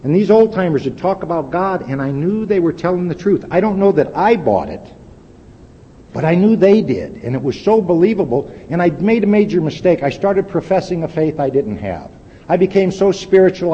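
A man in his fifties tells his own story at a recovery meeting in a folksy, earnest way, sometimes sinking to a quiet, intense hush. His voice is mellow and dark. The recording is muffled and lo-fi, with a long hall echo and faint hiss behind it. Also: fairly high pitch, slightly rough. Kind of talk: personal testimony talk.

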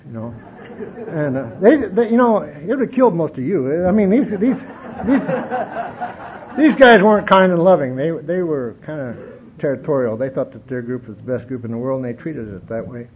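A man's voice: lively intonation, normal speed, a faint crowd. A man telling his recovery story at a meeting, rambling and wry, with lots of repeats. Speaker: speaker sharing at a recovery meeting. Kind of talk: personal recovery testimony. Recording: dull, lo-fi recording with faint rumble.

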